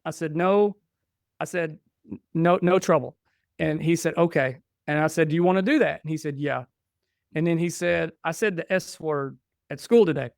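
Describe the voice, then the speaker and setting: A man in his forties, appearing as a podcast guest, casually tells family stories, chatting, restarting and quoting himself as he acts out conversations. His voice is on the high side and creaky, at a moderate pace, recorded clean in a studio with no room sound.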